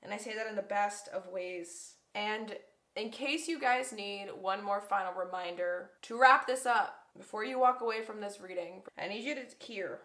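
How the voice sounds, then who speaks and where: A woman's voice: mid-range voice, normal speed, bright, forceful tone. A woman giving a casual card reading to viewers, heartfelt and effusive, leaning hard on the lines she wants heard. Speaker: tarot card reader. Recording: echoey room.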